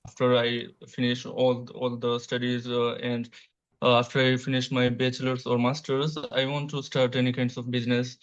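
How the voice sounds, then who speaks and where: Young bangladeshi guy, smooth voice, pauses and ums a lot, muffled test recording. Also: medium pitch, completely flat delivery. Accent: Bangladeshi English. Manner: hesitant, many filler sounds, little energy. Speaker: speaking test candidate. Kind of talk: answering exam questions. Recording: dull lo-fi replayed test audio.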